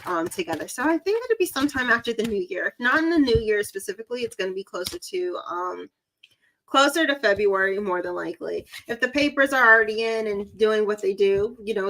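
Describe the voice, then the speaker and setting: A woman's voice: medium pitch, fairly bright tone, slight background noise, poor audio. A young woman with a light Southern drawl, chatting and giggling as she gives tarot readings on a live stream. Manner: chatty, giggly, self-deprecating. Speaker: psychic reader.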